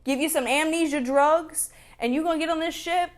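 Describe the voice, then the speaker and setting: Woman doing a harsh woman commander, higher pitch, fast, blunt and profane. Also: close to an everyday voice. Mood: ruthless. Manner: blunt, profane, rapid-fire threats. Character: ruthless commanding woman mission leader.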